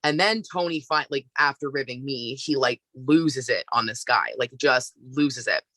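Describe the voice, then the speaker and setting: A woman from Canada, a wrestler guest on a podcast, telling a story in a casual, animated way with lots of fillers. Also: a bass voice, moderate pace, no room sound.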